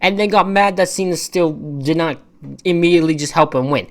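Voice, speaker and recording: A man's voice: fairly high pitch, fairly quick. Rambling, opinionated man recapping. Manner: rambling, opinionated, exasperated asides. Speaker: wrestling reviewer. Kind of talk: casual recap commentary.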